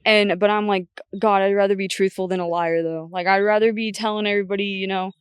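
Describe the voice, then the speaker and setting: A woman's voice: mid-range voice, fairly even intonation, quick pace, clean tone, no echo, clean studio sound. A young woman guest on a podcast, talking bluntly and chattily, often quoting herself. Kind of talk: casual chat.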